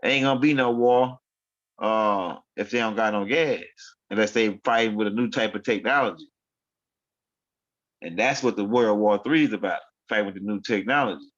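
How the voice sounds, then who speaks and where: A man's voice: on the low side, normal speed, a bit bright. Guy ranting casual on his own show, slangy and repeats stuff a lot, muffled lo-fi sound. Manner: rambling, street slang, repeats himself. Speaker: online show host. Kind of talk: casual commentary monologue. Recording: dull lo-fi sound.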